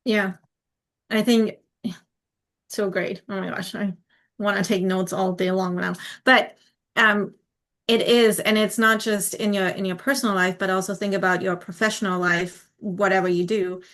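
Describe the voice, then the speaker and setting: A woman's voice: mid-range voice, fairly even intonation, moderate pace, fairly bright tone. Woman thinking aloud on a podcast. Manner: thinking aloud, searching for words with fillers. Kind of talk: casual podcast conversation.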